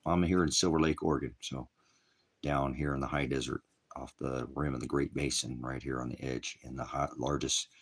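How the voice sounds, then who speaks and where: A man's voice: rumbling low, steady tone, moderate pace, slightly rough. A man with a cough rambling in casual livestream chat from a small cabin, often talking sweetly to his dog. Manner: rambling, talks baby-talk to his dog. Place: small hot cabin, off-grid farm.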